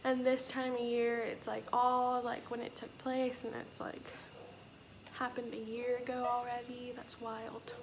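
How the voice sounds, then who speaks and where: A woman's voice: on the high side, completely flat delivery, a little slow, a little hiss or hum. A young woman telling a personal story in a casual vlog, chatty and rambling, acting out what others said. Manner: chatty, rambling, acts out quoted dialogue. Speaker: vlogger.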